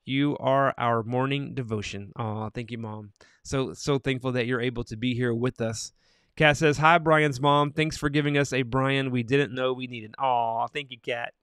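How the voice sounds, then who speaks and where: A man hosting a Christian morning livestream, reading viewer comments aloud and answering each viewer by name, growing soft-spoken on sad news. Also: medium pitch, steady tone, normal speed, clean tone, no room sound, studio quality.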